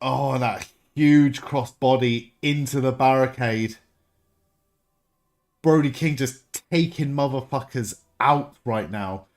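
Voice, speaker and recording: A young man hosting a live wrestling watch-along stream, reacting excitedly, swearing freely and chatting with viewers. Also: mid-range voice, slow pace. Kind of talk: live reaction commentary and chat.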